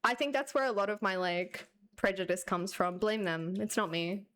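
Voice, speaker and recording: A young woman streamer telling a story as a sarcastic, animated rant, laughing often. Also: mid-range voice, normal speed. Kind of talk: casual ranting storytelling.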